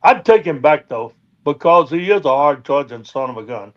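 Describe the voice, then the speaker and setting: A man's voice: fairly high pitch, expressive. Rambling man on dull lo-fi audio. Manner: rambling, drawn-out with fillers. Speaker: guest, dredge boat owner. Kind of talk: casual storytelling.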